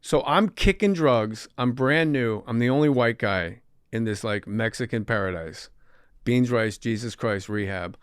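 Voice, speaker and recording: A man hosting a podcast, telling animated, wry stories about his life in comic storytelling style. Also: medium pitch, measured pace, clear, resonant tone, no echo, clean studio sound. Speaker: comedian podcast host.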